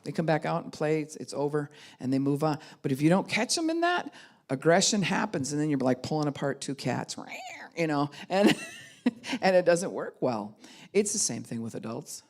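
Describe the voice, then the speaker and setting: A woman's voice: low voice, very animated, normal speed. Frank middle-aged woman pastor. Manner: candid and frank, acting out quoted voices. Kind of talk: conversational teaching talk.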